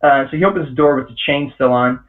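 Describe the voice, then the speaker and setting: Hesitant game master with a distant mic. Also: male voice, mid-range voice, fast, narrow, tinny audio. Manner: hesitant, filler-heavy, laughs often. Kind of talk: narrating a tabletop game.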